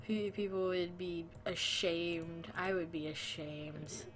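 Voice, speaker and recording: A woman's voice: fairly low pitch, fairly even intonation, slow, noisy background. Playful woman chatting on a game stream. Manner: playful, chatty, greets viewers and jokes with them. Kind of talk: casual live-stream chat while gaming.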